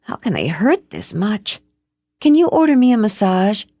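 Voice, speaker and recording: A petulant, glamorous young woman whines and teases in a voice pitched well above the reader's own, as a woman narrator puts her on. The reading sounds dry and close, with no room around it. It is storybook dialogue with a pouty edge. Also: wildly swooping pitch, moderate pace, no echo. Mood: pouting. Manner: high, bright, pouting.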